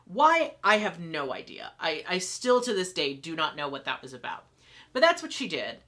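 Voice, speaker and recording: A woman's voice: on the low side, big pitch swings, normal speed, pushed and bright. A young woman telling a personal story in a casual vlog, candid and swearing freely as she retells what happened. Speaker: channel host.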